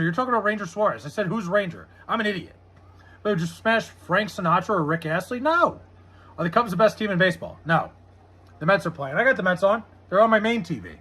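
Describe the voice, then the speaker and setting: Streaming live from a home room with a TV, a man chats casually, reads chat aloud, and swears in frustration over a baseball game. His voice sits high, with a sharp, slightly rough tone.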